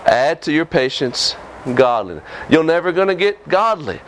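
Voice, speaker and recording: A man preaching a sermon to his congregation. His voice sits a little high for a man. He talks in a folksy, scolding way and keeps checking whether his listeners are following. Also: big pitch swings, moderate pace.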